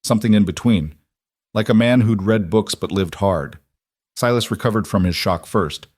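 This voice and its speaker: A man narrating a western story in a steady, dramatic storytelling manner. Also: lowish voice, normal speed, no room sound, clean studio sound.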